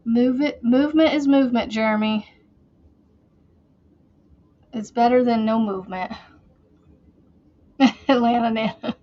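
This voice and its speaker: A woman's voice: a little high, measured pace, pauses often, highs cut off. A woman hosting a casual crochet livestream from her chair at home, chatty and giggly, a bit out of breath as she talks to viewers. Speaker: crochet channel host.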